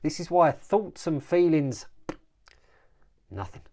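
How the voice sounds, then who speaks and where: A man coaching his listeners directly in a solo podcast, energetic and full of quick restarts. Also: a little high. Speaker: life coach and podcast host.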